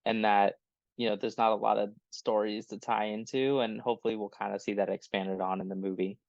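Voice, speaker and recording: A man guest on a podcast who speaks in a flat, measured way over a dull remote line. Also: on the low side, vocal fry, dry recording. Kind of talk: casual podcast chat.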